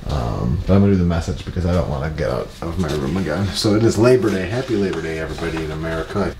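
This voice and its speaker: A young man vlogging in casual chat at night, relaxed and joking. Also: low-pitched, racing, slight background noise.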